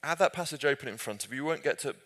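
A man's voice: medium pitch, lively intonation, racing. Man, Bible study leader, easygoing and chatty, often restarting his sentences. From Britain. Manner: conversational, self-correcting, gently humorous. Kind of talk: group Bible study teaching.

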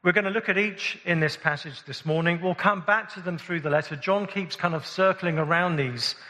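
Male preacher, slightly high bright voice, casual sermon delivery with restarts, church reverb. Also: fairly quick. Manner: conversational, warm-humored, with frequent restarts. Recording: long hall reverb.

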